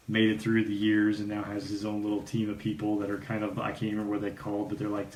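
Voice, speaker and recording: Laid-back guy with a lowish voice wandering through a comic summary, faint hiss. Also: recorded from a distance. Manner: easygoing, meandering explanations. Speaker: podcast co-host. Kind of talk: casual chat about comics. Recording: roomy room, faint noise.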